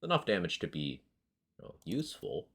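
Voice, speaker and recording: A man streaming a game live, chatting casually with viewers and musing aloud between pauses. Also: sits low, wildly swooping pitch, a bit bright, husky. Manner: laid-back, musing aloud, answering chat between pauses.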